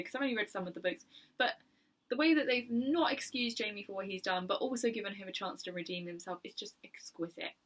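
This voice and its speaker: A young woman chatting casually about books in her video, enthusiastic and quick to laugh. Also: mid-range voice, fairly bright tone. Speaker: book vlogger. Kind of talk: casual chat.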